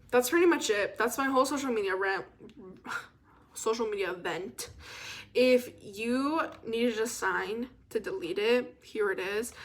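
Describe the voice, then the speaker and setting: A young woman in her twenties hosting a casual solo podcast, rambling and self-deprecating, laughing often and trailing off with "I don't know". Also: mid-range voice. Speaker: podcast host.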